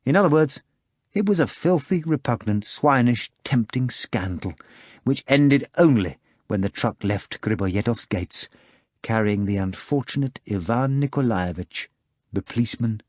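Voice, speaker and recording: A man narrating an audiobook in an expressive, dramatic reading. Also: lowish voice, a little slow, no echo, clean studio sound. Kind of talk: scripted narration.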